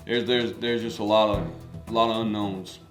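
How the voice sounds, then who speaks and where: A man's voice: lowish voice, little pitch movement, normal speed. A middle-aged man, a baseball coach co-hosting an interview, talking in a folksy, emphatic, rambling way. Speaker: baseball coach and podcast host. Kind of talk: casual interview chat. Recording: echoey room with loud music behind.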